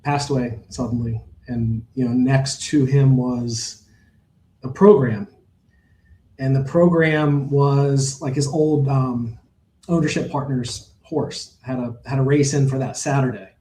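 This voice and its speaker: A man's voice: mid-range voice, steady tone, unhurried, mellow, echoey room, a little hiss or hum, poor audio. A middle-aged man, a horse owner, telling stories in a casual interview, rambling with many fillers and restarts.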